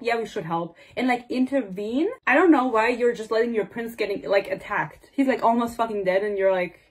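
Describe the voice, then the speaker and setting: A woman giving a casual, sarcastic book review rant, swearing freely and acting out the characters' lines in quick bits. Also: a little high, slightly rough.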